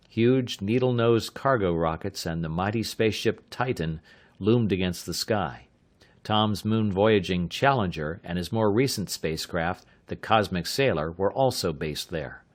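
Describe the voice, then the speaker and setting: A man reads an adventure audiobook with a fairly low voice. His narration is steady and measured, keeping an even pace through the action. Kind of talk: scripted narration.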